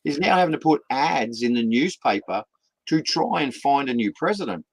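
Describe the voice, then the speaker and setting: A man's voice: medium pitch, lively intonation, moderate pace, vocal fry, no echo, rough recording. An Australian man in his fifties, a guest in an interview, talking with passion, repeating words and pushing his point with rising emphasis. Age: 50s. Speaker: guest, community partnerships founder.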